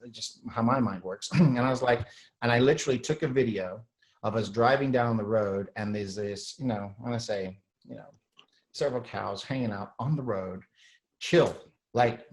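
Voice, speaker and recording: A middle-aged male host delivers a rambling, casual monologue on his show, often clearing his throat and restarting sentences. His voice is medium in pitch, and the audio quality is poor.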